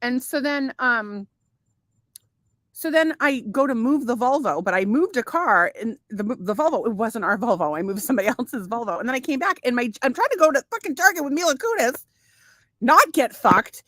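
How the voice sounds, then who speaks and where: A woman's voice: on the high side, animated, normal speed, a bit bright, dry recording. A woman co-hosting a casual podcast with her husband, telling a long, rambling story full of profanity. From United States. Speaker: podcast co-host. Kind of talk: casual married-couple chat. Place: home in Florida.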